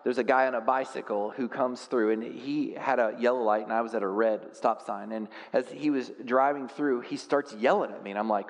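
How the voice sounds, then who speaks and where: A man preaching a sermon as pastor, telling stories with self-deprecating humor and swinging from quiet reflection to loud, animated outbursts. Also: medium pitch, moderate pace, big-room sound.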